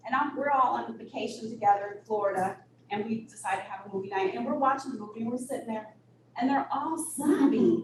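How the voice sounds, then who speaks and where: A woman executive director telling candid stories in an interview, blunt and animated, with sudden high-pitched bursts. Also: a little fast. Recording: echoey room, distant mic, audible noise.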